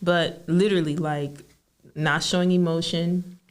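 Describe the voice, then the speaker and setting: Therapist woman, podcast co-host, low voice, reflective and measured. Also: fairly even intonation. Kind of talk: casual chat.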